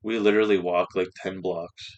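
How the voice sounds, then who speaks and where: Young male podcast guest, low-pitched, animated profane storyteller. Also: a little fast, dull audio. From Canada. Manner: swearing, animated anecdote with quoted voices. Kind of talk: casual storytelling.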